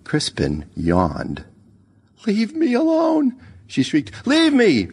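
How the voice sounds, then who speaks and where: A man's voice: fairly low pitch, sing-song, moderate pace, breathy edge. A man voicing a frantic young woman who pleads and then screams at a ghost. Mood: screaming.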